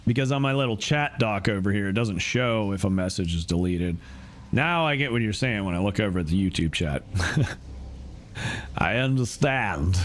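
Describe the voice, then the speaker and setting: Rambling young man streaming a game. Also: medium pitch. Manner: rambling, many fillers and restarts. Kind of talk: casual gaming commentary.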